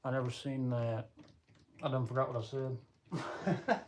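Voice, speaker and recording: A man's voice: mid-range voice, steady tone, unhurried, background noise. A man hosting a casual live stream, rambling and chatting with viewers as he reads their comments. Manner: rambling, chatty, laughs often; talks to viewers while reading comments. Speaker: livestream host.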